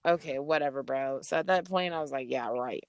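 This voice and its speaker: A woman's voice: sits low, fast talker, smooth, no echo. A woman rapper guesting on a podcast, telling a story in a blunt, casual way with lots of swearing. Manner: blunt, heavy swearing, animated retelling.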